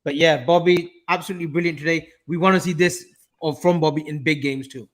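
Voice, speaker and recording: High-voiced guy reading super chats on a football stream, teasing a bit. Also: steady tone, fairly quick.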